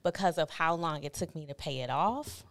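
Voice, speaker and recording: A woman in her forties co-hosting a podcast, telling stories in a candid, animated, colloquial way. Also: low-pitched, normal speed. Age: 40s. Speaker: podcast co-host. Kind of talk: casual chat.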